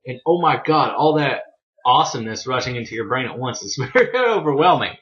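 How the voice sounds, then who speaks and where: Brief: pumped young guy reviewing manga, lively pitch, profane and giggly, dull home audio. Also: brisk. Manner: excitable, laughing, profane. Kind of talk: casual video review.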